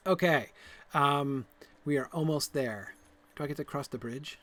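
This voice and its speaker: A man's voice: a little high, measured pace, a bit bright. A man hosting a stream, giving a casual, digressive lecture while playing a game, full of fillers and restarts. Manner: enthusiastic, laughs at himself. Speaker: host.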